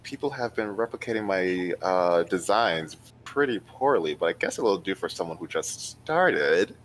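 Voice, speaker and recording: A man's voice: low voice, expressive, normal speed, a little hiss or hum, low-quality recording. A man voicing a distracted, blunt female weapon-smith teacher who sizes students up bluntly. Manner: absent-minded, then bluntly critical.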